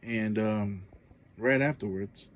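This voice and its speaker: A Samoan man, an adult parent who hosts a channel, tells his viewers a story in a casual vlog monologue, sounding exasperated and indignant. His lowish voice moves slowly, full of fillers and restarts, with the highs cut off and slight background noise.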